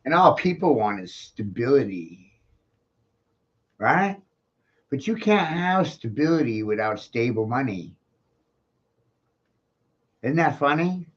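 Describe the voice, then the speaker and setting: A man's voice: medium pitch, big pitch swings. A man giving rambling, profane solo commentary, full of rhetorical questions. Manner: rhetorical, profane, keeps asking "right?"; slow, drawn-out delivery. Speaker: commentary streamer. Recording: dull lo-fi home recording.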